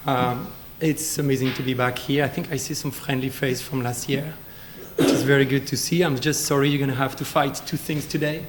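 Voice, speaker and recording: A middle-aged man with a French accent, hoarse from a lost voice, giving an informal, conversational conference lecture as a guest speaker. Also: medium pitch, fairly even intonation, a little fast, noisy background.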